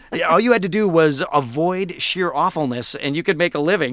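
A man's voice: fairly high pitch, expressive, moderate pace, fairly bright tone, no echo. Chatty self-deprecating man in a dry studio. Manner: chatty, self-deprecating, many fillers and laughs. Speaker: voice actor guest. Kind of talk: radio interview chat.

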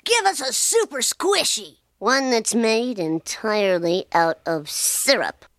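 A woman voicing an excitable, reckless young cartoon boy with a gravelly, squealing voice. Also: fairly high pitch, slow pace, dry recording, studio quality. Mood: demanding. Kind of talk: cartoon voice acting.

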